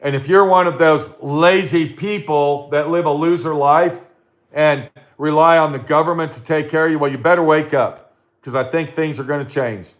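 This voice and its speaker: A middle-aged man vlogging in a blunt, profane, ranting monologue, halting often with fillers. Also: a little high, fairly even intonation.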